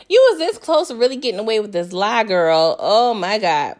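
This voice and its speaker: A woman casually recapping a TV episode. She talks in an animated way, laughs often and keeps asking her listeners "okay?". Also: mid-range voice, moderate pace. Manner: slips into voices when quoting characters. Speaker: TV recap vlogger.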